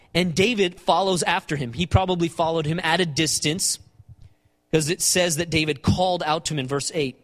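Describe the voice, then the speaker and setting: High-pitched guy preaching, animated, repeats himself a lot, long echo like a big church hall. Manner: animated, repeats phrases and acts out scripture quotes. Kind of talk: sermon.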